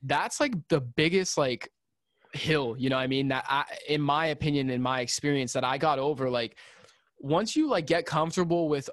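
Rambling man with a higher voice. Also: moderate pace, dry recording, clean studio sound. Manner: rambling, emphatic, many fillers and restarts. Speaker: audio engineer and music producer guest. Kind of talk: casual podcast chat.

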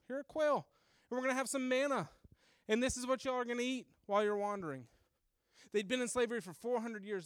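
Male pastor, sermon, animated storytelling, high pitch, dry recording. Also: clean tone, no room sound. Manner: animated storytelling, acts out voices.

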